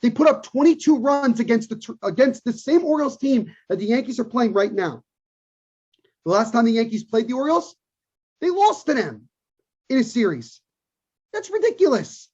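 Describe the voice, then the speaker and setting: A man's voice: very high-pitched, very animated, normal speed, darkish tone, slightly rough. A man co-hosting a sports podcast, talking in an emphatic, opinionated way and repeating his points for stress. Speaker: podcast co-host. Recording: dull lo-fi recording.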